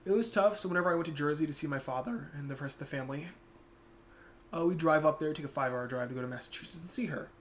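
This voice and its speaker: Young guy on a stream chatting, soft and thoughtful, bit of faint noise behind. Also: a little high, racing. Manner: reflective, soft-spoken when emotional. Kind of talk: casual chat.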